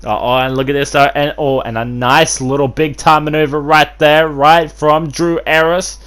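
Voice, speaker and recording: A man's voice: a little high, level tone, normal speed, a bit bright, clear, resonant tone. A man calling wrestling play-by-play as host, rambling through constant fillers and restarts, breaking into bursts of hype. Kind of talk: excited wrestling play-by-play commentary.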